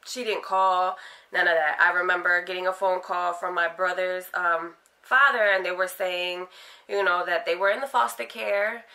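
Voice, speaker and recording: A woman's voice: lowish voice, steady tone, normal speed, bright, forceful tone. A young adult woman frankly recounting her own life story in a casual interview, full of fillers. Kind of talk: candid personal storytelling.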